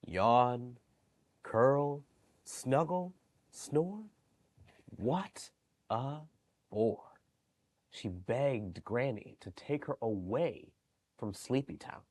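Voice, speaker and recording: A man working as a library storyteller, reading bedtime stories to young children in a gentle, animated way. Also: medium pitch, slow.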